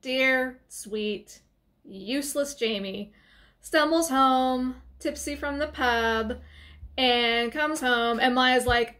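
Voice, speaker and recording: A woman's voice: sits high, takes it slowly, a bit bright. A young adult woman recapping a movie in a casual, chatty way with sarcastic asides, recorded at home on a desk camera. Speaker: movie reviewer. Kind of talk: casual video review.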